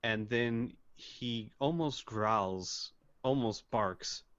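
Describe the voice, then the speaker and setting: A man narrating a tabletop role-playing game as game master, speaking in a slow, measured way and voicing characters. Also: mid-range voice, a bit bright, smooth. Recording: muffled lo-fi voice chat.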